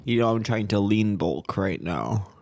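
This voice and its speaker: A man's voice: a little slow, gravelly. A young man co-hosting a podcast, chatting casually and acting out his story with big jumps in voice. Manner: animated storyteller, acts out quotes with big pitch jumps. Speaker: podcast co-host. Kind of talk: casual chat.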